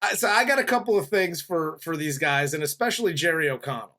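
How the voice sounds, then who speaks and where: A man in his forties hosts a relaxed movie review chat, easygoing and often laughing. His voice sits a bit higher than most men's. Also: quick pace. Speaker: podcast host.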